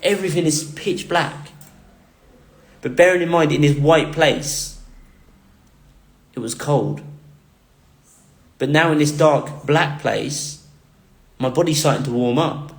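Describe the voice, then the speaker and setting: A man's voice: on the high side, slow, gravelly, long pauses. A man earnestly telling his own story to camera, repeating words for emphasis. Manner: earnest, repetitive emphatic phrasing. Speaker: vlogger recounting a near-death experience. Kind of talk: emotional personal storytelling. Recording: roomy echo.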